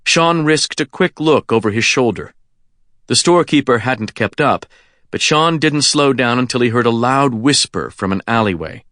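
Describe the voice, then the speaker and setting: A male audiobook narrator with a mid-range voice, reading in a steady, measured way. The recording is dry and close, with no room sound. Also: mid-range voice, no echo.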